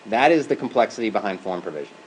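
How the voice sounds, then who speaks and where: A man's voice: fairly low pitch, sing-song, quick pace, a little hiss or hum, low-quality recording. A man giving a university lecture in a classroom as an adjunct professor. He talks conversationally and keeps checking in with "right?" and "okay?".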